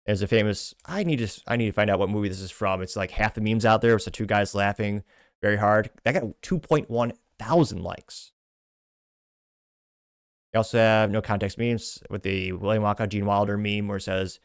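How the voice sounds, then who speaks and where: A man's voice: fairly low pitch, normal speed, dry recording, clean studio sound. A man hosting a podcast, casually reading social media comments aloud in a stumbling, self-deprecating way with frequent restarts. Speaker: podcast host.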